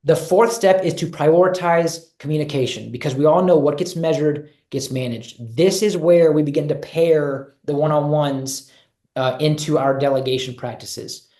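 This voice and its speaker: A man's voice: fairly high pitch, normal speed, mellow, roomy sound. A man presenting in a leadership webinar, talking earnestly and repeating key phrases for emphasis over a video call. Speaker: guest speaker on leadership.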